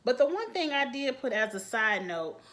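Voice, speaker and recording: Woman vlogger, AAVE, sassy reality-TV recap, lively asides. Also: on the high side, normal speed. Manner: sassy, animated, quotes cast members. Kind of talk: casual recap commentary.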